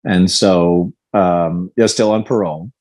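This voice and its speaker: A man in his fifties with a fairly low voice speaks as a podcast guest, recounting his past in a candid, lively way. He slips into acted-out quotes as he tells the story. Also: measured pace. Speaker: guest, former fighter.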